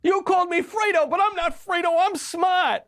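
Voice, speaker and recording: A man's voice: very high-pitched, moderate pace, fairly bright tone, pitched above the performer's own voice. A man putting on a whiny, insecure Italian-American mobster with a put-on Italian-American accent, in a mocking impression.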